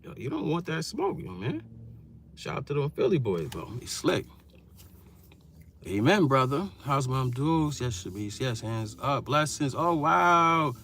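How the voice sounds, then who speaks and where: New man, YouTuber, lively slangy storyteller, vlogging from his car. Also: mid-range voice, unhurried, creaky, a little hiss or hum. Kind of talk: casual vlog commentary.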